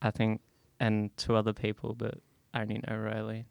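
A man, a podcast guest giving halting, hesitant answers in casual chat. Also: lowish voice, monotone, slight background noise.

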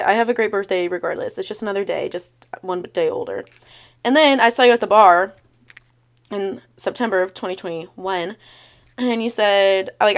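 A young woman in her twenties hosting a casual storytime podcast, sarcastic and blunt, swearing freely as she reads old messages aloud. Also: a little high. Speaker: podcast host.

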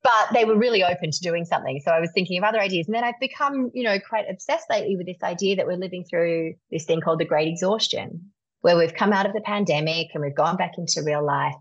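A woman in her forties with an Australian accent, a magazine editor chatting as a podcast guest, animated and laughing often. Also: on the low side, fast talker, breathy edge. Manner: animated, laughs often, stretches words for emphasis. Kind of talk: podcast interview chat. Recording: slightly dull lo-fi sound.

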